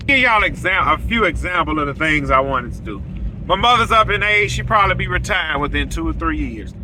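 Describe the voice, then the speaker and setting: Bluntly and preachily, a man who welds and hosts his own show tells a story directly to his audience. His voice is high-pitched and sharp, and the poor audio has a little hiss or hum.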